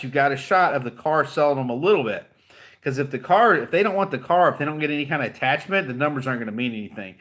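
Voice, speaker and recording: A man's voice: mid-range voice, a bit bright. A middle-aged man with a Southern American accent, giving blunt, joking motivational advice to car salesmen. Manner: blunt, profane, joking, rambling. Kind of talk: casual motivational livestream talk.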